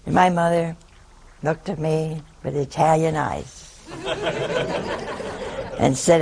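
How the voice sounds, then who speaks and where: Older woman, a nun, spinning unhurried self-mocking anecdotes in a gravelly voice. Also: low voice, heavy background noise. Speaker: nun giving a talk. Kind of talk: humorous storytelling talk.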